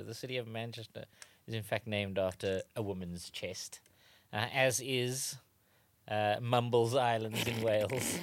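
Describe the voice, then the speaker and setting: A man's voice: mid-range voice, a bit bright, no room sound. A man co-hosting a comedy trivia podcast, explaining facts in a wry, joking casual chat. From South Africa. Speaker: podcast co-host.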